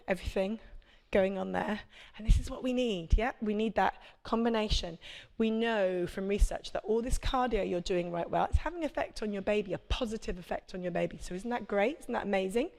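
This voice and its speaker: A woman's voice: mid-range voice, creaky, darkish tone. A woman, a prenatal fitness instructor, coaching a live workout class with chatty, encouraging cues and check-ins.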